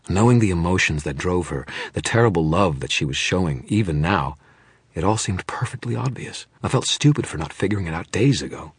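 Very deep, husky male narrator. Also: dry recording. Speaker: audiobook narrator. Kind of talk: first-person audiobook narration.

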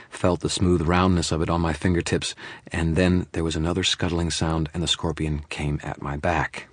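A man reading a first-person thriller audiobook with tense urgency. His voice is extremely deep and husky, and the recording is close and dry. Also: no echo. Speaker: audiobook narrator. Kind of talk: first-person fiction narration.

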